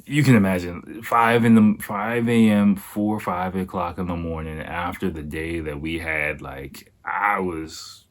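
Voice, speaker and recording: A man's voice: sits low, fairly even intonation, a little slow, hardly any pauses. A young man hosting a podcast, telling a story casually, laughing often and acting out quotes. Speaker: podcast host.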